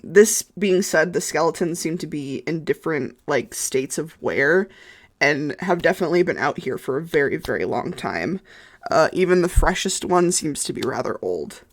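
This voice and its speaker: A young woman narrating a tabletop game as game master, hesitant and filling pauses with ums. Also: low voice. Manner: hesitant, full of ums and kinda. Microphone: streaming headset or desk mic.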